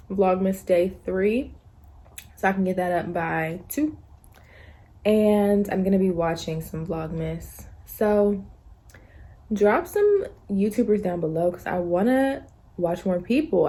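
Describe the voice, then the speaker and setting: A young woman vlogging casually to her phone camera, rambling through stories in a chatty, animated way. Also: mid-range voice. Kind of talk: casual vlog chat.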